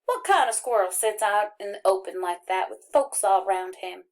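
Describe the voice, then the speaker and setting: A woman's voice: medium pitch, animated, lightly acted. A woman reading an audiobook, voicing a friendly, boastful country boy from Arkansas with a folksy drawl. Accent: rural Arkansas. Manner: folksy drawl, jabbering fast and eager.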